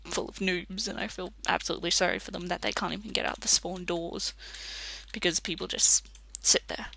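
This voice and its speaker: An Australian let's play commentator rambling casually while gaming, chatty and quick to laugh. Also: medium pitch, steady tone, gravelly, bright, forceful tone.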